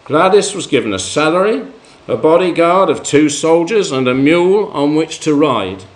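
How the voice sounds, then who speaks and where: A man preaching a sermon, telling life stories, rising for emphasis and dropping low at the end of each point. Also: animated, moderate pace.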